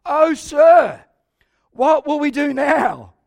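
A preacher acting a panicky young servant. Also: male voice, very high-pitched, animated, slow, creaky, dry recording, voice pushed up, exaggerated voice. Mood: panicked.

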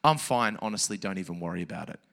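A man's voice: sits low, lively intonation, gravelly, bright, forceful tone, pitched below the performer's own voice, full character voice. A man voicing a shrugging, injured young rugby player. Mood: dismissive. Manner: dismissive, quick reassurance.

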